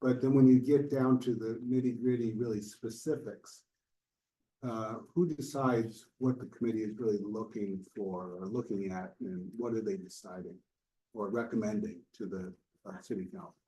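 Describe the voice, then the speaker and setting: A man's voice: lowish voice, fairly even intonation, moderate pace, dark tone. Man asking probing questions in an echoey hall. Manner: probing, questions with hesitant fillers. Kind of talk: question at community meeting. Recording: echoey meeting room.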